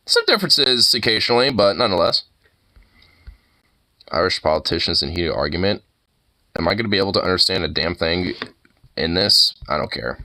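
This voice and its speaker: A man's voice: low-pitched, animated, a little fast, pauses often, pushed and bright, no echo. A young man casually reacting to videos, rambling, laughing and swearing freely as he watches.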